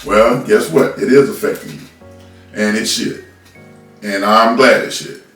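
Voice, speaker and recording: A man's voice: on the low side, steady tone, measured pace, a bit bright, soft background music. A man ranting bluntly and scolding his listeners, stumbling over repeated words as he talks into a phone from a distance. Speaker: commentary host. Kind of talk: unscripted political rant. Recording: roomy, from a distance off the mic.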